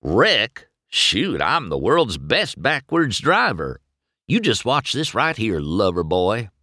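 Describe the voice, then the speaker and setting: A man's voice: fairly low pitch, wildly swooping pitch, slow, bright, forceful tone, no echo, clean studio sound, voice pushed up, exaggerated voice. A man reading a storybook aloud, voicing a goofy, boastful country tow truck who teases in a folksy, sing-song drawl. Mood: teasing.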